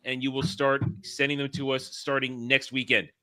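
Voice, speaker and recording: A regular on a live-stream chat, announcing upcoming shows with relaxed teasing and the odd swear. His voice is bright and mid-pitched. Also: normal speed.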